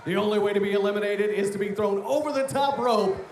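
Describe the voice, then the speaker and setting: A man doing ring announcing at a wrestling event, calling out the rules and entrants with booming, drawn-out delivery. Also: background noise. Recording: echoey arena with music and crowd.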